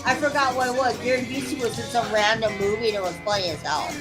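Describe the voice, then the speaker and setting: A woman's voice: a little high, quick pace, over music. A woman co-hosting a casual livestream chat, hesitant and self-deprecating. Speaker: stream co-host.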